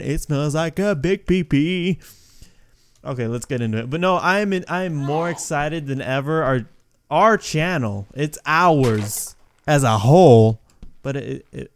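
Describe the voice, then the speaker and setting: A young man giving casual, rambling gameplay commentary, excitable and breaking into yelps and shrieks when a level goes wrong. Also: a little high, smooth. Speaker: gaming YouTuber.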